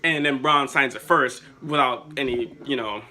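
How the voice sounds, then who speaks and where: Excitable, bright-voiced young man. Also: medium pitch, normal speed. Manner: excitable, profane, rambling. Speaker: wrestling vlogger. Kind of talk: casual chat.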